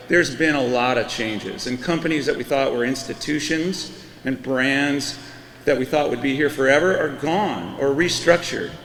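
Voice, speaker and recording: A middle-aged man from Florida giving a hall of fame acceptance speech, telling a story loosely with lots of fillers. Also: fairly high pitch. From Florida, US East Coast. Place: ceremony hall on a PA system. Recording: echoey hall with a long reverb tail, faint room noise.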